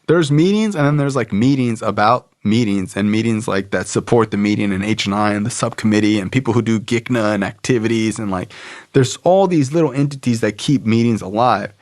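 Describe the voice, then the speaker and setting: A man's voice: medium pitch, dry recording, studio quality. A man guesting on a podcast, telling his story casually, loose and profane, with lots of fillers and quoted voices. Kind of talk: casual storytelling about recovery.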